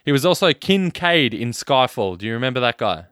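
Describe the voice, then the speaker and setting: A man's voice: mid-range voice, sing-song, brisk, fairly bright tone, clear, resonant tone, dry recording, studio quality. A man co-hosting a casual film podcast, bantering and teasing his co-host.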